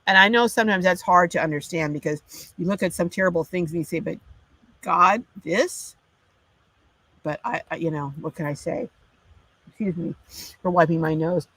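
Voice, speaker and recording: A woman's voice: on the low side, moderate pace, pauses often, a bit bright, no echo. A woman hosting a casual livestream, reading out viewer comments in a chatty, apologetic way with a runny nose. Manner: chatty and apologetic, with frequent restarts. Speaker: livestream host.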